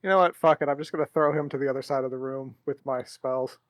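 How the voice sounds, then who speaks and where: Male player, quick talker, dry close sound, blunt and sarcastic. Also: medium pitch, steady tone, no echo. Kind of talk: tabletop game chat.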